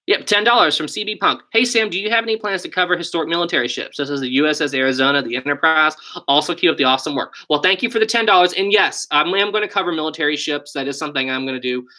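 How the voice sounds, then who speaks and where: Bright-voiced West Virginian man chatting. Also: a little high, racing, hardly any pauses. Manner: chatty, reads and answers viewer questions, thinks aloud. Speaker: live stream host. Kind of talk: casual live stream chat. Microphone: desk USB microphone.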